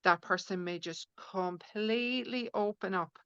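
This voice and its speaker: A woman's voice: mid-range voice, measured pace, fairly bright tone, clear, resonant tone, no echo, muffled recording. A woman being interviewed as a spiritual healer, speaking earnestly in a rambling way with many fillers and restarts. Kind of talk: conversational podcast interview.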